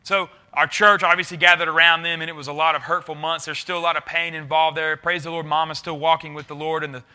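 A man, a youth pastor preaching a sermon earnestly, swinging between loud urging and quiet intensity. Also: a little high, little pitch movement, fast, clean tone.

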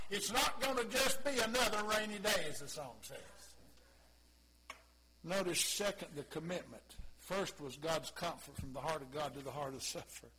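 Male pastor, impassioned sermon delivery, very bright, sharp tone. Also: high-pitched, expressive, moderate pace, a little hiss or hum, low-quality recording. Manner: impassioned, swings from soft asides to loud exclamations.

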